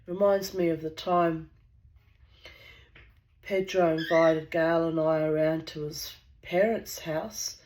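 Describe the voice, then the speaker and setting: A woman's voice: low-pitched, steady tone, slow pace, a little mellow, poor audio. A woman from New Zealand telling a casual, rambling anecdote, blunt and sweary, with the odd cough.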